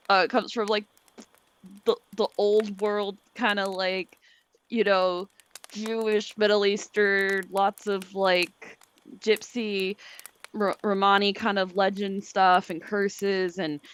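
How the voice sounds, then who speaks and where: A woman's voice: mid-range voice, fairly even intonation, slow pace, smooth. Chatty laughing woman. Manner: chatty, laughs often, lots of fillers. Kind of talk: casual chat.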